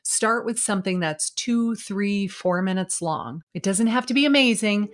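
A woman's voice: medium pitch, normal speed. Upbeat, emphatic woman coach in her fifties. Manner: energetic, emphatic, encouraging. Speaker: video marketing coach. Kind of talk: motivational talk to camera.

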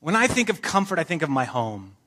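A man's voice: a little high, big pitch swings, fairly quick, pushed and bright, big-room sound, a little hiss or hum. A man preaching a sermon, talking in a casual way with joking asides and reading scripture with emphasis. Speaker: pastor. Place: church sanctuary.

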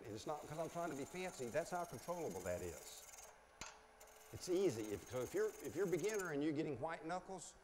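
Speaking in a fairly high, slightly mellow voice, this older man runs a live woodturning demo and explains it step by step in a folksy manner. He has a northwest Florida Southern accent, and the hall around him is echoey, with a little noise in the background.

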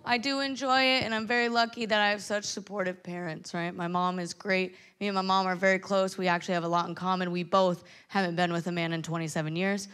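A woman's voice: medium pitch, fairly bright tone. A woman from Sacramento doing stand-up comedy on a live stage, upbeat, with self-deprecating punchlines. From Sacramento, California.

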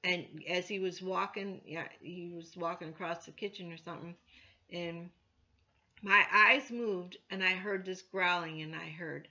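Woman church elder, informal Bible teaching; bright, conversational, dull lo-fi sound. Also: lowish voice, fairly even intonation, measured pace. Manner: conversational, many "you know" fillers, rises loudly when quoting scripture.

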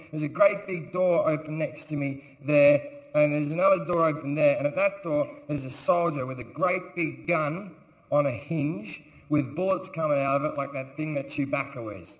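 A man doing stand-up storytelling, sardonic and profane, acting out characters with sudden shouts on a theatre stage. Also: fairly high pitch. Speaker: stand-up comedian. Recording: echoey live theatre recording. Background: audience laughter.

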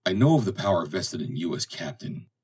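A defiant sailor, educated but down on his luck, speaks with hot indignation in a deep, raspy voice, as a male audiobook reader voices him. The recording sounds a little distant, with the mic set back from the voice. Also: sing-song, a little fast, a little mellow, exaggerated voice. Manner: impassioned, indignant. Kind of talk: audiobook dialogue reading.

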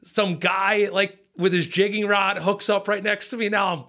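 Animated, cursing fishing captain telling a story. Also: male voice, high-pitched, moderate pace. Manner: animated, profane storyteller who acts out his own lines. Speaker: charter boat captain. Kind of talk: casual podcast storytelling.

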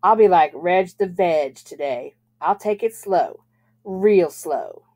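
A woman reading aloud, voicing a blunt, excitable young man with Down syndrome in a storybook. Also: mid-range voice, normal speed, pitched above the performer's own voice, natural voice. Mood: grumbling. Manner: blunt, loud outbursts.

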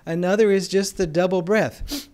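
An American man leads a spiritual talk in an easy, conversational way, slipping gentle humor into his explanations. His voice sits a little higher than most men's. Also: normal speed. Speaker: spiritual teacher.

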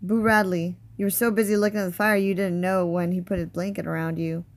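A woman reading aloud, voicing a calm father who speaks gently and dryly. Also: lowish voice, brisk, natural voice. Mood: gentle. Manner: gentle, dry.

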